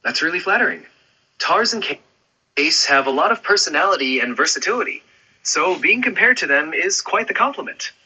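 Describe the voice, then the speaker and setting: This male AI assistant voice answers in polished, agreeable phrasing. His timbre is very bright and edged with a slight huskiness. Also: a little high, lively intonation, a little fast, slightly rough, rough recording. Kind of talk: conversational assistant replies.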